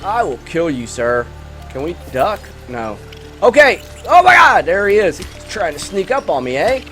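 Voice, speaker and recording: A man hosting a gaming channel, giving let's play commentary with a movie review, jokey and excitable and talking straight to his viewers. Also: high voice, normal speed, soft background music.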